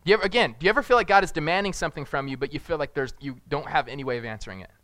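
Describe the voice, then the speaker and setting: A man's voice: on the high side, rapid-fire, fairly bright tone, no echo. A young man giving a casual, jokey sermon, acting out characters with big jumps in his voice. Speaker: preacher.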